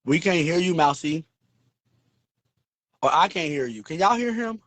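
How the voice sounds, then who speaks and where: A man's voice: animated, unhurried, a bit bright, no echo. Sassy, profane man ranting on a livestream. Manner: flamboyant, sassy and profane, with big swings in pitch. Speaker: livestream host. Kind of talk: casual livestream rant.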